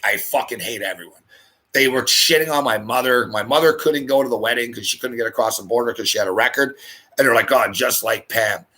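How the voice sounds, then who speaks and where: A middle-aged Canadian man hosting a show, telling a profane, animated story and swearing constantly. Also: medium pitch. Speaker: host.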